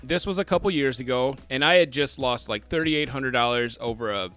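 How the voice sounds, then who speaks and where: Man, podcast co-host, bright clear voice, profane animated storytelling, faint music behind. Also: mid-range voice, brisk. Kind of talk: casual trash-talk chat.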